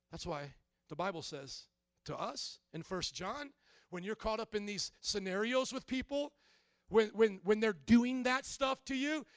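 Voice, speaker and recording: A man, a pastor, preaching a confrontational sermon that swings from hushed confession to shouting. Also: very high-pitched, no echo, studio quality.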